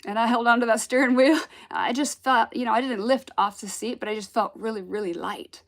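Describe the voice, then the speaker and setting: Gravelly, animated woman telling a story. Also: a little high, a little fast. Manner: animated, acts out quoted voices, laughs often. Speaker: spiritual storyteller. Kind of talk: casual personal storytelling.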